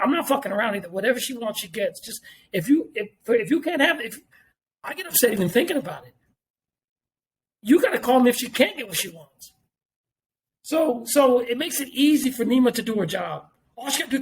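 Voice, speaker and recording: Fast-talking high-voiced man, blunt. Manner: blunt and profane, repeats points for emphasis. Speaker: guest. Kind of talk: casual podcast talk.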